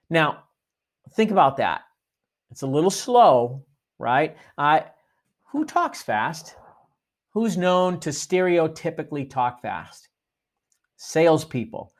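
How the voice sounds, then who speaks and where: A man's voice: a little high, very animated, takes it slowly, pauses often. A man giving a sales training talk, coaching listeners and acting out sample phone greetings. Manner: coaching, demonstrates phone lines.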